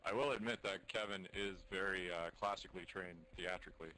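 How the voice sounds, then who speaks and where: Brief: low, bright-toned gamer, dry contrarian. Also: male voice, steady tone, brisk, soft background music, poor audio. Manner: dry, contrarian, correcting others. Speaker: gamer in voice chat. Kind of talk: casual banter.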